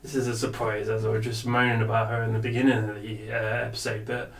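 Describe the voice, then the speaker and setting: A man's voice: fairly low pitch, monotone, fast, vocal fry, far from the mic. A man with a Northern English accent, co-hosting a casual chat in an easygoing, laughing way. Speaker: co-host. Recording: echoey room, off mic.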